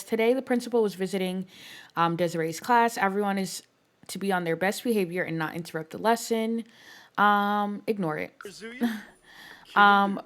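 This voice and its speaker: A woman giving casual, rambling commentary on a life-sim playthrough, with lots of fillers and playfully exasperated asides to her characters. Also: mid-range voice. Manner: chatty, rambling, filler-heavy with frequent "um" and "like". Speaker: game streamer narrating a life-sim playthrough.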